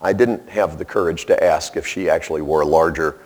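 A man preaching in a storytelling style, animated and self-deprecating. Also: low voice, normal speed. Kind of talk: storytelling sermon.

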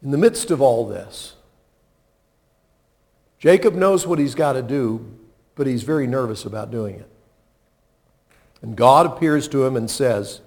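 A man delivering a sermon at an unhurried pace. He talks to the congregation conversationally, asking them questions. His delivery swings between soft, low passages and loud, emphatic peaks. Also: expressive. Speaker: pastor.

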